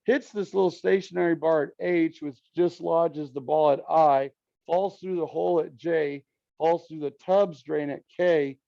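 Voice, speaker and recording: Guy teaching math, slightly high voice, keeps asking "okay?", kinda dull lo-fi recording. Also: steady tone, measured pace, vocal fry, mellow, no room sound. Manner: explains step by step, checks in with "okay?" and "right?". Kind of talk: classroom lecture. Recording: dull lo-fi, dry sound.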